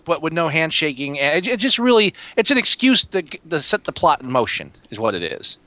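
A man with a bright, forceful voice chats casually about a movie, wry and animated, and now and then he slips into joking voices. The sound is a little dull and muffled, and dry, as if recorded close to the mic. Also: a little high, a little fast, dry recording. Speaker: podcast co-host. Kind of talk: casual movie review chat.

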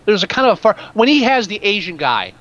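A man co-hosting a podcast, chatting casually about a film in an animated, rambling way with many restarts. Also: sits high, fast, muffled recording. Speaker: podcast co-host.

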